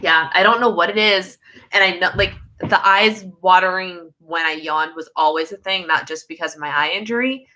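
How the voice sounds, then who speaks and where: Chatty bright-voiced Midwestern woman livestreaming. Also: on the low side, normal speed. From United States. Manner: chatty, rambling, laughs mid-sentence. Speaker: livestream host reading viewer comments. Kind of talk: casual live chat.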